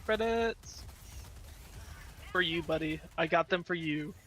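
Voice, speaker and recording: A man joins a casual gaming chat and teases his friends. His voice is bright and a little high. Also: slow pace. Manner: teasing. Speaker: podcast co-host.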